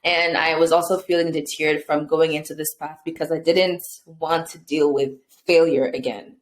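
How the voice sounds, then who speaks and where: A young woman hosts a casual podcast interview, affirming her guest and then opening up with her own story. Her voice sits fairly low for a woman. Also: fairly even intonation, moderate pace. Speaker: podcast host.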